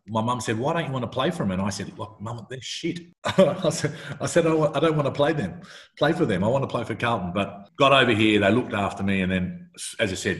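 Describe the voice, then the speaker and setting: A middle-aged man with an Australian accent tells his story with a fairly low voice. He acts out the people he quotes and keeps restarting mid-sentence. The recording has a roomy echo. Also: a bit bright. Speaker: retired footballer guest. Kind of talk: casual interview storytelling.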